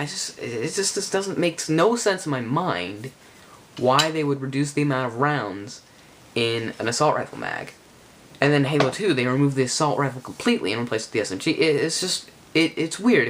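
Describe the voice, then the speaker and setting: A man giving a casual spoken game review, rambling and halting with many restarts. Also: mid-range voice, fairly bright tone, a little hiss or hum.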